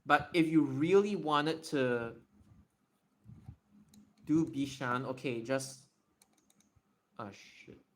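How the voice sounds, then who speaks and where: A man's voice: mid-range voice, drawn-out words, pauses often. Man thinking aloud on a livestream. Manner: thinking aloud, self-correcting, apologetic. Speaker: livestream host. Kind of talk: casual livestream Q&A while writing.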